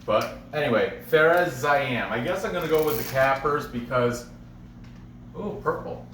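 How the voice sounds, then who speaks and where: A man's voice: medium pitch, lively intonation, normal speed, a bit bright. A man hosting a casual sports betting picks video, chatty and self-correcting, often breaking into laughs. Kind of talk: casual rambling commentary. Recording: roomy, from a distance, faint background noise.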